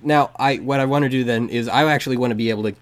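A podcast host interviews a guest casually over a remote call, joking and poking fun at himself, recorded on a handheld recorder mic. His medium-pitched voice comes rapid-fire against a noisy background.

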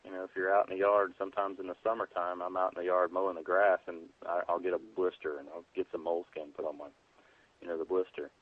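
A man with a deep voice is a guest on a preparedness podcast, where he works as an EMT and chats casually over a tinny phone line. His sound is dry and close with no room around it, and his delivery is flat. He explains things plainly and easily, often pausing on "um" and "you know."

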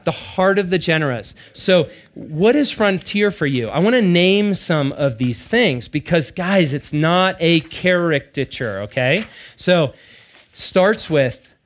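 Animated man telling stories in a sermon. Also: a little high, slow. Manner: animated, laughing storyteller. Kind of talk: sermon-style storytelling.

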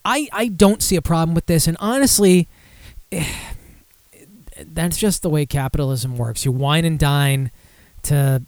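A man with a higher-than-usual voice hosts a casual podcast. He reads news aloud and breaks off for profane, sarcastic asides. The sound is dry and close. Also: unhurried, a little mellow, no echo. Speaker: podcast host.

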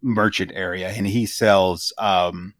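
A man co-hosting a podcast, summarizing game material in a halting, casual way with many filler words. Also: low voice, fairly even intonation, fairly bright tone, dry recording, studio quality. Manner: halting, with frequent "uh" and "um". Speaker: podcast co-host.

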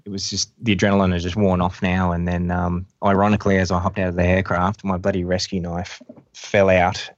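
Male pilot guest, deep monotone, muffled dry recording, hesitant storytelling. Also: dry recording. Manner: halting, many fillers and restarts. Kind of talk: recounting a rescue story. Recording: dull lo-fi dry sound.

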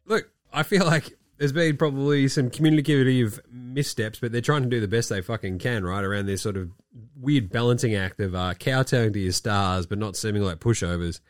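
A man's voice: medium pitch, fairly quick, no room sound, studio quality. A man hosting a casual sports podcast, ranting and swearing a lot while sick and coughing. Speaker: podcast host.

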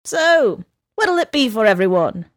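An eager, hearty male barman, all enthusiasm as he serves drinks. A woman plays him, her voice raised and bright. The recording is dry. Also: a little high, very animated, a little slow, dry recording. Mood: cheerful.

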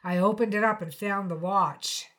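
A woman's voice: mid-range voice, normal speed, lightly acted. A woman reading the part of a young male musician, defensive and earnest, speaking emphatically. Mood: insistent. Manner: louder, emphatic and pleading.

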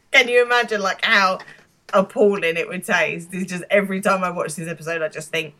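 A woman's voice: fairly low pitch, moderate pace, sharp tone. A British woman co-hosting a podcast, casually retelling a TV episode and laughing as she goes. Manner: laughs often, acts out quoted lines. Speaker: podcast co-host. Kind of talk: casual chat recapping a TV episode.

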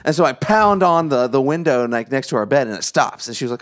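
A young adult man co-hosting a podcast, chatting casually and telling an animated anecdote, acting out quoted lines. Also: mid-range voice, fast, few pauses. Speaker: podcast co-host. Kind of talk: casual chat, storytelling.

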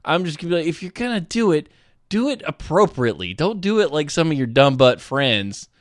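A man's voice: a little high, sing-song, fairly quick, no room sound, studio quality. An easygoing man co-hosting a casual chat, laughing often and telling stories. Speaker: podcast co-host.

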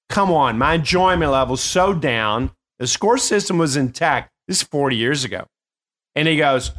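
Older man telling lively stories. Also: on the high side, normal speed. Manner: animated, laughing storyteller. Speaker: host and performance coach. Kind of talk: casual storytelling.

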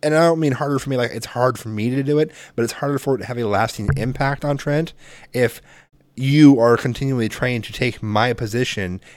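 A man's voice: medium pitch, a little fast, darkish tone, no echo. A middle-aged man chatting casually, rambling and cursing in frustration as he tells a family story. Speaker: parent in a couple's chat. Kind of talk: casual conversation.

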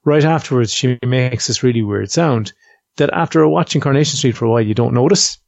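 A man's voice: medium pitch, a little fast, gravelly, dry recording, dull audio. A man co-hosting a podcast over a call, playful and teasing. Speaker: podcast co-host. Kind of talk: casual chat on a video call.

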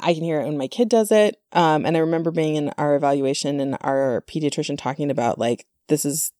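A woman's voice: deep voice, fast, dark tone, no echo, studio quality. A woman hosting a casual conversation, chatty, with many fillers and asides.

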